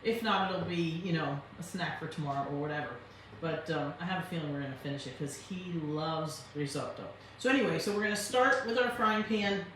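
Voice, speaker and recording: A woman's voice: sits low, fairly quick, noisy background. A woman hosting a home cooking show with an Italian-tinged accent, chatting and explaining each step as she cooks. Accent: Italian-tinged English. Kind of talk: casual cooking demonstration. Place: home kitchen. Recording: very echoey kitchen, distant mic.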